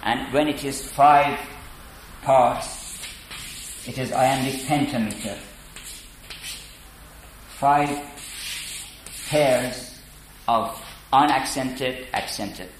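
A man giving a spoken lecture on poetry, deliberate and halting with many fillers. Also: mid-range voice, fairly even intonation, slight background noise. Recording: echoey room.

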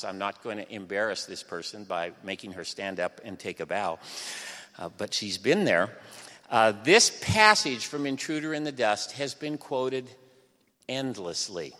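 Older male lecturer, bright forceful voice, wry and sardonic, reverberant hall. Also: lowish voice. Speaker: history lecturer. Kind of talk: university lecture.

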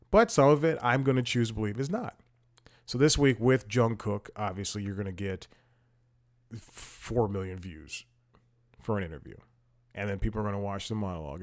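Male podcast host with a low voice, casual and rambling, easily drifts into side stories. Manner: rambling, digressive, self-amused. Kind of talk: casual talk-show commentary.

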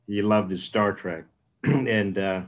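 A man's voice: on the low side, slow, dull audio. A man on a call recalling a late friend in a hesitant, anecdotal way. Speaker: meeting participant. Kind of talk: storytelling remembrance.

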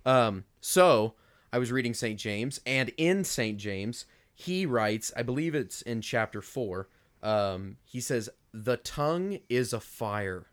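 A man's voice: mid-range voice, animated, slow pace. A man co-hosting a casual podcast, talking with dry, wry humor. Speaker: podcast co-host.

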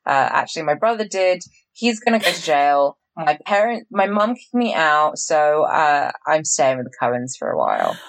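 A woman imitating a brooding teenage boy, her voice dropped low in a flat, mumbled delivery. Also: normal speed, vocal fry, few pauses, heavily acted. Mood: broody.

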